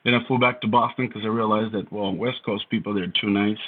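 A man's voice: on the low side, steady tone, brisk, breathy edge, phone-quality sound. A Bulgarian man in his thirties with a Bulgarian accent, a podcast guest telling his story in a wry, self-deprecating way. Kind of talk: casual storytelling interview.

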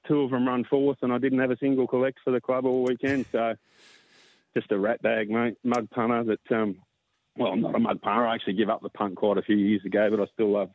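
An Australian man calling in to a radio show, chatting casually and warmly, sometimes getting emotional. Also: mid-range voice, no echo. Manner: heartfelt, gets emotional. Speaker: caller. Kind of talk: casual phone-in chat. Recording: tinny phone line.

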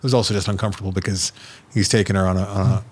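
A man's voice: sits low, fairly even intonation, rapid-fire. A middle-aged man co-hosting a film podcast, talking in a casual, rambling way with many restarts. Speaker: podcast co-host. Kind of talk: casual chat.

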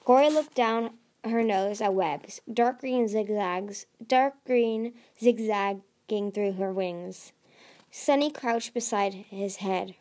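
A woman's voice: mid-range voice, slow, dark tone. A woman reading a dragon fantasy novel aloud as an amateur narrator, with frequent slips and restarts.

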